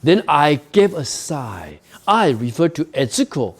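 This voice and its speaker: A man lecturing on a novel at a university, explaining slowly with frequent "you know" and "okay?" asides. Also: fairly high pitch, sing-song.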